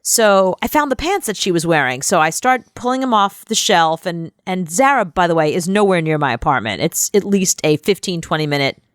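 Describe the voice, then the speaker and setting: A young adult woman co-hosting a radio show, telling a rambling, animated anecdote in casual chat. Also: fairly low pitch, fairly quick, hardly any pauses, clean tone, no echo, studio quality. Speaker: radio co-host.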